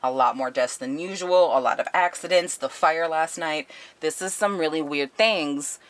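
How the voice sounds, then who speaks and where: A woman's voice: low-pitched, moderate pace, natural voice. A woman voicing a flustered male retirement home director who placates a crowd. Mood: placating. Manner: placating, telling a crowd to calm down.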